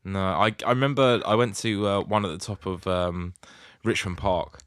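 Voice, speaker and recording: A man's voice: low voice, steady tone, normal speed, fairly bright tone, clean tone, dry recording, clean studio sound. A young man, a podcast co-host, chatting in a laid-back, joking way. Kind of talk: casual chat.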